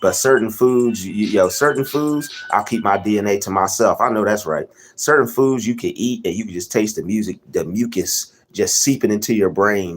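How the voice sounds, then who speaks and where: A young man hosting a casual livestream, rambling and giving shout-outs to chatters by name. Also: lowish voice, moderate pace, few pauses. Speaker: livestream host.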